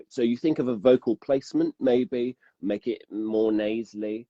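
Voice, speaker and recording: A man's voice: medium pitch, moderate pace, few pauses, dark tone, no room sound, dull audio. A man who narrates audiobooks, a guest chatting casually and self-deprecatingly with plenty of fillers over a call. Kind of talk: casual interview chat.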